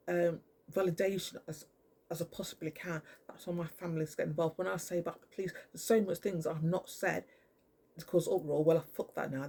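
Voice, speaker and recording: A voice pours out an angry, profanity-laced, rambling monologue straight to camera. The tone sits dark and mellow, with a gravelly fry and a husky, breathy edge. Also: medium pitch.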